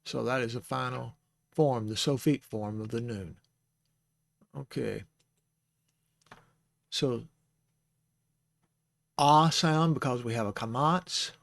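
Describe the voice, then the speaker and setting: Close-miked with no room sound, a Bible Hebrew teacher speaks slowly in a gravelly, fairly bright mid-range voice, leaving long pauses. His informal lesson walks patiently through the Hebrew alphabet, spelling out sounds and fixing his own slips as he goes.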